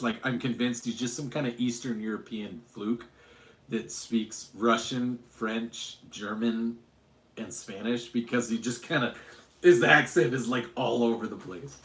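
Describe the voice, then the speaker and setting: A man's voice: medium pitch, fairly bright tone, reverberant. A man from Utah hosting a casual livestream Q&A, rambling, correcting himself mid-sentence and joking with chat. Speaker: streamer host.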